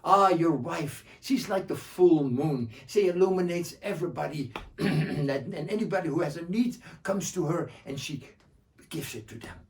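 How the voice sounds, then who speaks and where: Male storyteller playing a sly, smooth-talking trickster, sing-song and raised, gravelly; distant mic. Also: on the high side, expressive, normal speed, pitched above the performer's own voice. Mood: flattering. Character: sly, hungry trickster man with a smooth tongue.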